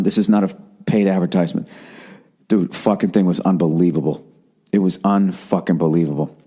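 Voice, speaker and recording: Middle-aged male podcast host, profane rambling storyteller, lively pitch swings. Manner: profane, animated storytelling with acted quotes. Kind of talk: casual rambling monologue.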